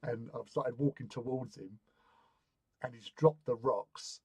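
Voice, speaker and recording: A man's voice: medium pitch, unhurried, mellow, slightly rough, no room sound. A man telling a loose, rambling anecdote in casual chat while hosting a hobby stream.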